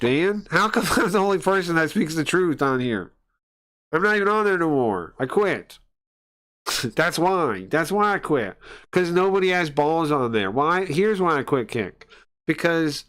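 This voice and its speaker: A male streamer in a heated rant on his live stream, with a voice pitched a little high. He swears freely, trips over his words and restarts, and breaks into scoffing laughs. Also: fairly bright tone. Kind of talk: profane livestream rant.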